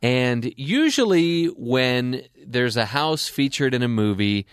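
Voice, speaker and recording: A man co-hosting a casual entertainment news chat, chatty and quick with interjections. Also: mid-range voice, animated, smooth, dry recording, studio quality. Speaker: co-host.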